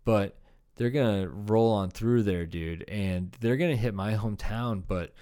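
A man's voice: on the low side, measured pace, dark tone, smooth. A young man from Iowa, a comedian hosting a podcast alone, rambling through a profane comedic rant with laughing asides. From Iowa, USA.

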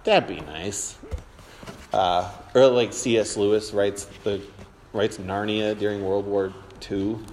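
A man's voice: lowish voice, slow pace, darkish tone, a little hiss or hum. A man leading an informal Bible class, chatty and rambling with lots of fillers. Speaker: church teacher. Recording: reverberant hall.

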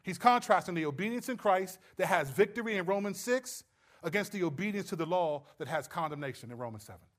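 A man preaching a sermon, stressing points loudly and then dropping to low, quiet asides. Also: animated, brisk. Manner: emphatic, swings between loud stresses and low quiet asides. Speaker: pastor.

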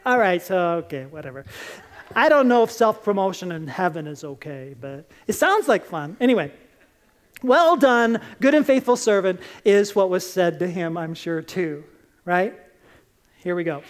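Woman preacher, lively sermon, acts out quotes, chatty storytelling. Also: fairly low pitch, normal speed. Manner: animated storytelling, acting out quotes.

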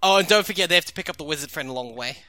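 A woman co-hosting a casual recap podcast, excitable, laughing often and swearing freely. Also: sits low, racing, dry recording, clean studio sound. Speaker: podcast co-host.

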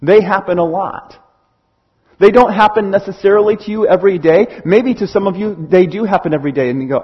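A man preaching a sermon in an animated way, acting out little scenes as he explains. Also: high-pitched, a little fast, slightly rough, dull audio.

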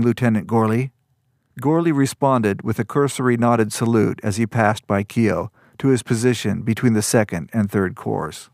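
A man reading a fantasy story aloud as narrator, in an even, measured manner. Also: dry recording, clean studio sound. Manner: even, measured storytelling, lifts pitch for dialogue. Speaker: audiobook narrator.

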